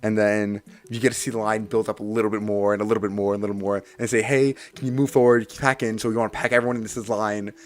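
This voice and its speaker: A man telling a story to his stream in a casual, excitable way, swinging from hushed asides to loud, theatrical bursts and repeating lines for effect. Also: on the low side, very fast, hardly any pauses. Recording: faint music behind the voice.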